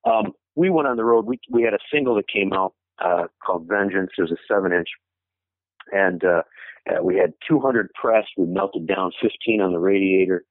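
A man's voice: sits low, animated, moderate pace, dry recording. A man telling stories as an interview guest, rambling with restarts and fillers and chuckling as he goes. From Michigan, USA. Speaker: interview guest, former punk band member. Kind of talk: casual storytelling in an interview. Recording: tinny phone line, dry.

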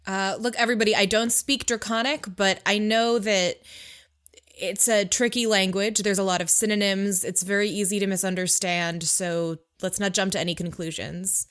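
A woman at a tabletop session talks in a friendly, chatty way at a middling pitch. She asks questions and speaks up for her character. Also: steady tone, normal speed, fairly bright tone. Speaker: player. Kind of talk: casual tabletop play.

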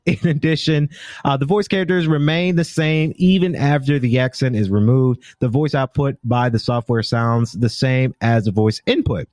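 A man's voice: mid-range voice, darkish tone, dry recording, clean studio sound. An American man hosting a podcast, giving casual commentary on tech news. He rambles, stumbles and often corrects himself mid-sentence. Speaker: podcast host.

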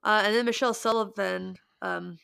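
A woman's voice: medium pitch, fairly even intonation, moderate pace, vocal fry, fairly bright tone, clear, resonant tone, dry recording. Female co-host, dry close sound, rambly filler-heavy casual chat. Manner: chatty, rambling, many fillers. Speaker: podcast co-host.

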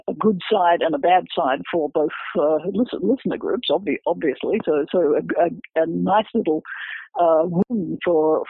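High, gravelly-voiced man on a phone line. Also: no echo. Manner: academic, halting, with frequent repeats and fillers. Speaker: researcher discussing his book. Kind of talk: explanatory interview talk. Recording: dry, phone-like radio line.

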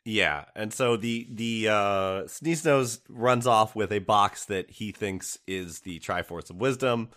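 A man's voice: fairly low pitch, slow pace, fairly bright tone. A man co-hosting a podcast from home, rambling, laughing often and trailing off mid-sentence. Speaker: podcast co-host. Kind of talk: casual chat. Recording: remote recording from home.

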